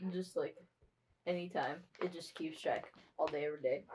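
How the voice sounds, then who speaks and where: Casting: young woman, giggly quiet co-host, clear background noise. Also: deep voice. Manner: giggly, soft-spoken, quick quips. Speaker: podcast co-host. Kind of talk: casual chat. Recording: noisy home recording.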